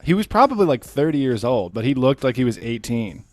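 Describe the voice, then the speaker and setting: A man's voice: mid-range voice, sing-song, fairly quick, a little mellow, dry recording. Laid-back podcast co-host, man. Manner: laid-back, swearing, frequent fillers. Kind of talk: casual chat.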